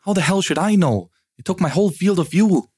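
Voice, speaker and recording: A man voicing a troubled, intense woman in an audiobook, his voice pushed higher and strained for her. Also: animated, fairly quick, a little mellow, lightly acted. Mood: heated. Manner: strained, raising pitch for her. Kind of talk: audiobook reading.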